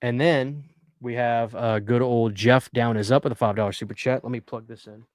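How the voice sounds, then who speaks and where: A man's voice: medium pitch, steady tone, moderate pace, no room sound, clean studio sound. A man hosting a casual live stream, earnestly chatting and reading viewer messages aloud. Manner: earnest, talkative, reads chat aloud.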